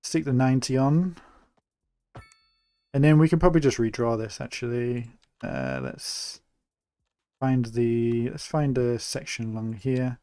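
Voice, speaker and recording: A young man from England giving relaxed, chatty live commentary while he plays a city-building game, thinking aloud as he goes. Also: medium pitch, a little slow, smooth, dry recording. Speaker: streamer.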